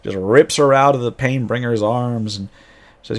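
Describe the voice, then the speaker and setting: A man's voice: mid-range voice, moderate pace. A man game master casually retelling a tabletop campaign, rambling with frequent restarts.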